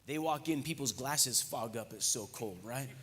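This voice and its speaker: Joking preacher in an echoey church. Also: male voice, mid-range voice, moderate pace. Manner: lively, joking, conversational preaching. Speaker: pastor. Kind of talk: sermon. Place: church hall. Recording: echoey church hall reverb.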